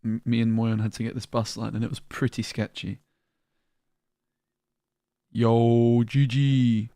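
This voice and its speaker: A man's voice: lowish voice, monotone, fast, a little mellow, dry recording, studio quality. A man hosting a livestream, chatting casually and joking with slang. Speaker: stream host.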